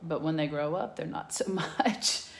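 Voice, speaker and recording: Slow, patient woman teacher in an echoey garage. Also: low voice, gravelly. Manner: patient, sounding out letters slowly. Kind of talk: remote phonics lesson for young children. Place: home garage.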